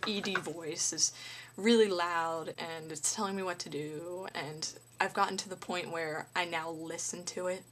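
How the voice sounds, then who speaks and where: A young woman talking casually to camera, animated and giggly, often slipping into silly voices. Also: lowish voice, measured pace, slight background noise. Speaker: vlogger.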